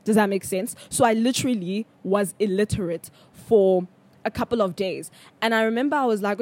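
A woman in her twenties from South Africa, hosting a podcast and telling a personal story in a chatty, expressive, casual way. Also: medium pitch, normal speed. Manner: chatty and expressive, calls listeners "child". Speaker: podcast host.

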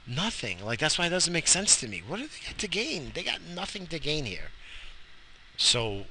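A man's voice: medium pitch, sharp tone, poor audio. A tired man, a father, rambling and swearing as he talks to himself in a casual vlog. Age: adult with a child. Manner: profane, rambling, muttering to himself. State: exhausted. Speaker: vlogger.

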